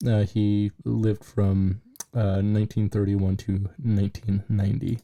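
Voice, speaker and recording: A man's voice: fairly low pitch, flat delivery, measured pace, warm tone. A man co-hosting a podcast in casual chat, talking in a loose, filler-heavy way and joking crudely. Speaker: podcast co-host.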